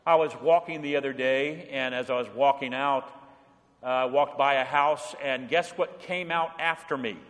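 A middle-aged man, a pastor, preaching a sermon with lively storytelling, swinging between bold and hushed delivery. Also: medium pitch, moderate pace. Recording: long hall reverb.

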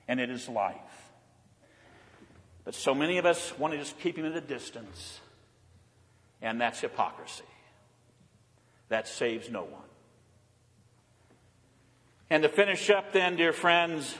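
A man delivers a sermon in a church, with a notably high voice that keeps hammering repeated phrases for emphasis. His words ring out in a long reverberant hall. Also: expressive, unhurried, long pauses, a bit bright. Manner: preaching with repetition and rising emphasis. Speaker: pastor.

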